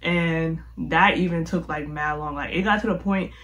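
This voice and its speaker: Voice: mid-range voice, fairly even intonation, normal speed, a bit bright, poor audio. A young adult vlogger telling a story casually to camera in a chatty, slangy way, filling the talk with "like". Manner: chatty, heavy use of "like", slangy.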